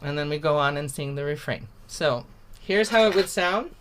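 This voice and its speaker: A woman runs an online singing workshop, talking through the song in a loose, chatty way. Her voice is bright and clear through a video-call mic, and she often stops to sing short phrases as examples. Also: deep voice, normal speed, a little hiss or hum. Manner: demonstrates sung syllables between spoken explanations; chatty and informal, with many fillers. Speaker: singing teacher.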